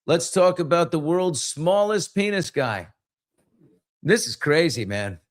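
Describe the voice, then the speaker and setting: A man's voice: fairly high pitch, measured pace. A man hosting a podcast, chatting casually and telling jokes with exuberant energy. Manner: animated, exuberant storyteller. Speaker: podcast host. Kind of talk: casual chat and joke telling.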